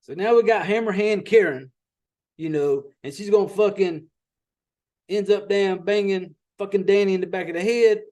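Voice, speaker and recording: A man's voice: high-pitched, a little mellow. Profane, rambling man recapping a film. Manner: rambling, profane, folksy storytelling with quick asides. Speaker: podcast host reviewing a horror film. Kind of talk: casual profane movie recap.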